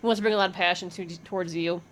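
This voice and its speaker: A woman's voice: on the low side, fairly even intonation, racing, a little hiss or hum. Swearing, chatty woman reading tarot. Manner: chatty, swears freely, laughs often, thinks aloud with fillers. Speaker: tarot reader.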